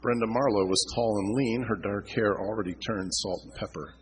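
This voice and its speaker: A man's voice: on the low side, moderate pace, slight background noise, low-quality recording. A man reading aloud from his own novel at a convention, with small slips and restarts. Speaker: author reading his book.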